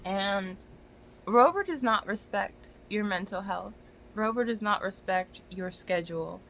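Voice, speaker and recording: A young adult dog walker ranting to a phone camera, exasperated and profane, often climbing to near-shouts. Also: medium pitch, measured pace, creaky, a little hiss or hum.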